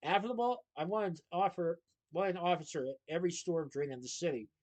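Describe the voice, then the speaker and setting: A man's voice: fairly high pitch, a little fast, a little mellow, natural voice. A man voicing a scheming, sneering male police chief who speaks slyly and with menace, in a storybook reading. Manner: sly and menacing.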